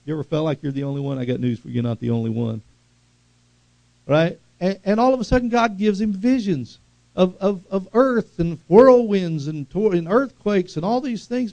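A middle-aged male pastor preaching an animated sermon, swinging from loud calls to hushed asides. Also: sits high, vocal fry, no room sound. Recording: dull lo-fi sound.

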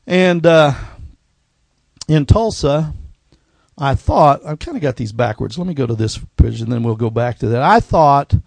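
A middle-aged man, a pastor telling his life story in a sermon, folksy and going quiet at the emotional parts. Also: medium pitch, creaky, breathy edge, no room sound. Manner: folksy storytelling, drops to a hushed voice at emotional points. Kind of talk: personal testimony sermon.

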